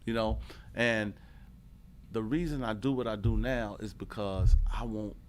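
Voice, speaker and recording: A man's voice: lowish voice, steady tone, a little slow, slight background noise. A middle-aged man, a former pro basketball player turned coach, telling stories from his life in a laid-back, conversational interview, peppering his talk with "man" and "you know what I mean.". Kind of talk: casual storytelling interview.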